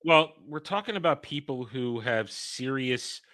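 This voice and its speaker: A man co-hosting a casual podcast, telling crude, animated stories. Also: medium pitch, unhurried, no echo. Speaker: podcast co-host.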